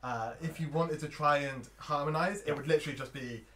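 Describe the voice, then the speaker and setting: A man's voice: on the high side, brisk, pushed and bright, slight background noise. A man running a tabletop game as game master, narrating loosely with lots of fillers.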